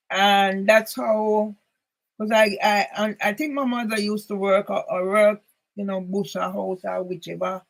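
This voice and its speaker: A woman's voice: mid-range voice, vocal fry, low-quality recording. A woman from Jamaica with a Jamaican accent, talking in a rambling, emphatic personal monologue that drifts into patois. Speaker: channel host.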